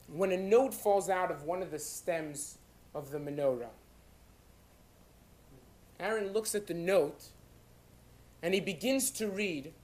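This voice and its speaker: A man giving a guest class in a synagogue study hall, telling a dramatic story in short, emphatic phrases with pauses. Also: high-pitched. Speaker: guest lecturer.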